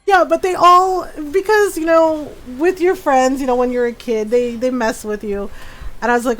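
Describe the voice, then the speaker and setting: High-voiced woman telling stories while gaming. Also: normal speed, rough recording. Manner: animated, laughs often, acts out quoted people. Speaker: streamer. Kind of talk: casual storytelling while gaming.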